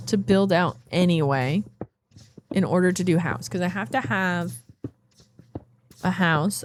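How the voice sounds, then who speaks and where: Low-voiced woman streamer thinking aloud. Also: slight background noise. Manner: thinking out loud, rambling, playful. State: yawning, tired. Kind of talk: casual gameplay commentary.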